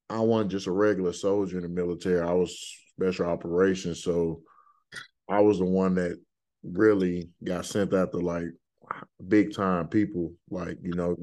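Male podcast host, 30s, very deep voice, easygoing rambling storyteller. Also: darkish tone. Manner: laid-back, rambling storyteller with many fillers. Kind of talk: casual interview chat.

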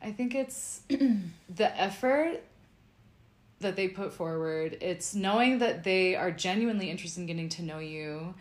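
A woman's voice: on the low side, animated, measured pace, roomy sound. A woman co-hosting a podcast, chatting casually and agreeably, full of "like" and "you know". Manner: agreeable, lots of fillers and affirmations. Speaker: podcast co-host. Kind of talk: candid casual chat.

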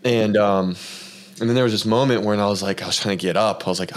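A podcast host with a lowish voice talks fast in a casual, faith-focused conversation. He tells a long personal story, earnest and rambling, packed with fillers.

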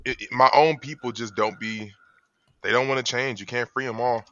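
A man's voice: mid-range voice, steady tone, normal speed, pushed and bright, no echo, dull audio. A young man from Atlanta, a podcast guest making blunt, wry remarks. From Atlanta, Georgia.

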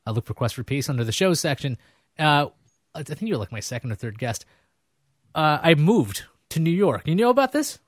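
A man's voice: on the high side, lively intonation, normal speed, no room sound, studio quality. Joking man hosting a casual interview. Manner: joking, rambling with fillers. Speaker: host.

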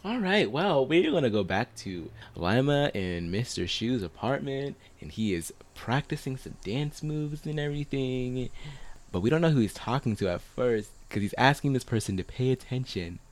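A man's voice: medium pitch, very animated, normal speed. A young man co-hosting a podcast, chatting casually in an offhand, joking way and trailing off. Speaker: podcast co-host. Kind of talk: casual chat recapping a TV episode.

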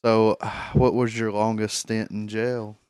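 A man's voice: lowish voice, flat delivery, takes it slowly, darkish tone, smooth, no echo, clean studio sound. A laid-back man co-hosting a casual podcast, asking short questions and laughing along. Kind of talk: casual chat.

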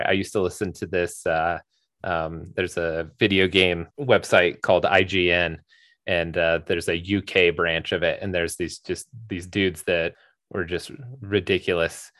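A man's voice: deep voice, fairly even intonation, moderate pace, fairly bright tone, dry recording, studio quality. A man co-hosting a movie podcast in casual chat, rambling with lots of fillers and restarts. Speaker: podcast co-host.

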